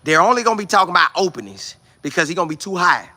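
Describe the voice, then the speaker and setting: Man, sports vlogger, high voice, sharp and forceful, excitable, outdoors. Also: very fast. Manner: excitable, repetitive, preacher-like exclamations. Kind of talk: casual hyped-up monologue to camera. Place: outdoors, no studio.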